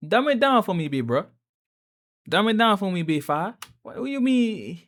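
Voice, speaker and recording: A man's voice: high voice, very animated, normal speed, a bit bright. A South African man hosting a reaction video, swearing freely and stumbling while reading aloud. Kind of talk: casual reaction commentary.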